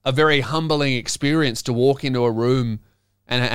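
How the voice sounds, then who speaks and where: An Australian man, a comedian hosting his podcast, telling a story in an animated, swearing style and acting out the voices of people he quotes. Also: mid-range voice, a little fast, clean tone, no room sound, clean studio sound. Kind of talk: comic storytelling monologue.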